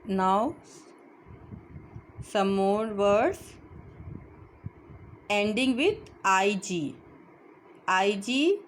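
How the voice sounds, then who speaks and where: A woman teaches children phonics at a very slow, deliberate pace. Her pitch swings widely as she spells each word letter by letter and then says it again. A faint hum of background noise sits under her voice.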